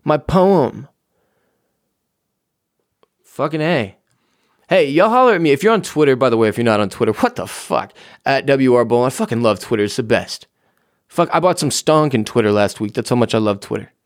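In this laid-back solo podcast outro, a man in his home office rambles, jokes, and curses freely. His mid-range voice is expressive, at normal speed with frequent pauses, and the recording is dry and studio quality.

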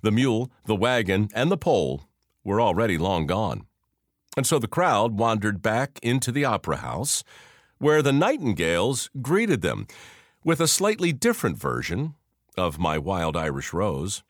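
Lively man telling a folksy story. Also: lowish voice, measured pace, dry recording, studio quality. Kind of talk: scripted narration.

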